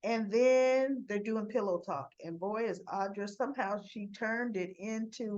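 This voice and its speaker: A woman talks through a soap opera episode in a casual, rambling way, acting out bits of dialogue along the way. Her pitch sits at a middling level, and the recording sounds dull and lo-fi. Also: unhurried, a little mellow. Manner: chatty, rambling retelling with acted quotes. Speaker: soap opera recap vlogger. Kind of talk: casual recap chat.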